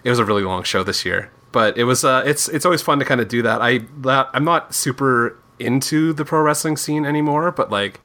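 A man's voice: medium pitch, a little fast, few pauses, bright, forceful tone. A man co-hosting a podcast in casual chat, rambling with many fillers and restarts. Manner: rambling, lots of likes and restarts. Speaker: podcast co-host.

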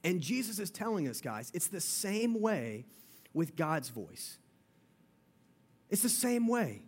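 A man's voice: high voice, very animated, slow pace, husky. A young man, a youth pastor, giving a playful, chatty sermon to a live audience, often calling out "guys" and repeating himself.

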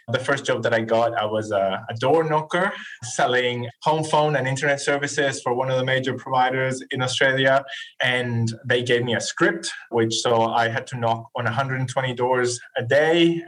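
A man of about forty from Chile, speaking English, tells his story as a podcast guest in a lively, animated way and acts out quoted voices. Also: medium pitch, rough recording. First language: Spanish. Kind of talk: casual interview storytelling.

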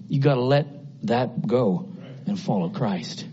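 A man preaching an impassioned sermon, often climbing into high exclamations. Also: expressive, measured pace, warm tone, breathy edge, lo-fi sound.

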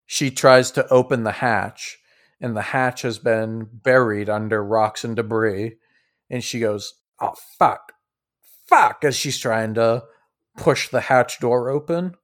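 A man running a tabletop game as game master, narrating in a relaxed, chuckling way with many fillers. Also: medium pitch, a little slow. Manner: laid-back, chuckling, lots of fillers.

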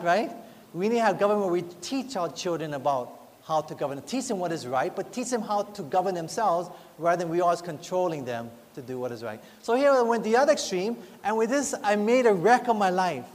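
A man preaching a sermon, telling his own story in an earnest, heartfelt way that rises into pleading. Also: sits high. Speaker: pastor. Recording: long reverb, faint music behind.

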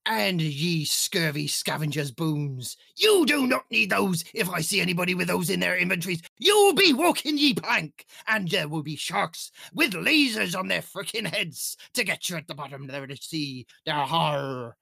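A man doing a gravelly hammy pirate captain. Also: high voice, big pitch swings, normal speed, hardly any pauses, pushed and bright, no echo, studio quality, full character voice. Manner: growls "arr" constantly, hammy and bossy. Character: gruff male pirate captain reading a store list. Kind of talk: goofy pirate voice bit.

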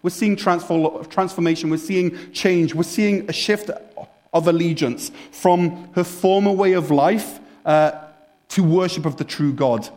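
A man's voice: on the high side, unhurried, a little mellow. A man preaching a sermon in a conversational, storytelling way, explaining a Bible passage. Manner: conversational, storytelling, with restarts and asides.

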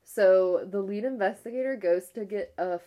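Speaking at normal speed with a medium-pitched voice, a young woman recounts a ghost-hunting episode in a hushed, animated way. It's casual, rambling storytelling, full of "like" and sentences she keeps restarting.

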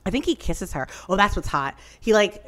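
A woman's voice: medium pitch, fairly quick. A woman in casual chat, telling a long story with lots of fillers. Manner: rambling, animated storytelling with many "like" fillers. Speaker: podcast co-host recapping a TV show.

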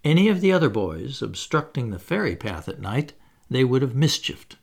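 A man reading a children's storybook aloud in an expressive narrating style. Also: medium pitch, moderate pace, vocal fry, slightly rough. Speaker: audiobook reader.

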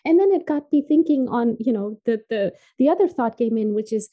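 Podcast guest, woman from Tanzania: earnest, emphatic storyteller with a mellow voice. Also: lively intonation, brisk, rough recording. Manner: earnest and emphatic, drops soft and low on painful points. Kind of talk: heartfelt personal storytelling.

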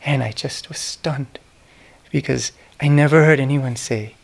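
With a gravelly, mid-range voice and a measured pace, a middle-aged man delivers a reflective, devotional lecture on spiritual history. He tells stories earnestly and whispers quoted names softly.

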